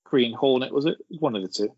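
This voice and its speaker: Laughing while he talks, a man wanders through a story in a relaxed podcast conversation. His voice sits at medium pitch and moves fairly quickly. There's no echo, though the audio has a dull, lo-fi quality.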